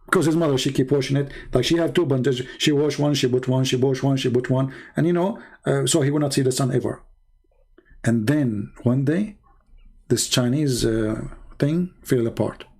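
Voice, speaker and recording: A man's voice: mid-range voice, moderate pace, creaky, a little mellow. Sarcastic man hosting a heated debate. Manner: sarcastic, mocking, talks over the caller. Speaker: host. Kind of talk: argumentative call-in debate and commentary.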